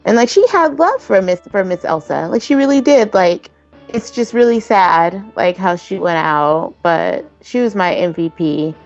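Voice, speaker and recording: Animated, profane young woman chatting. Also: on the low side, unhurried, lo-fi sound, soft background music. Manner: animated, profane, filler-heavy with constant "like". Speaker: podcast co-host. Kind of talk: casual chat.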